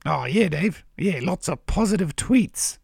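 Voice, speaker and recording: A man's voice: high-pitched, expressive, a little slow, gravelly, a little mellow, slightly rough, no echo, studio quality, pitched above the performer's own voice, heavily acted. A man voicing a brash, jokey male crow with a put-on Australian accent in a children's podcast. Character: bright orange male crow with Australian bluster. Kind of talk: children's podcast puppet comedy.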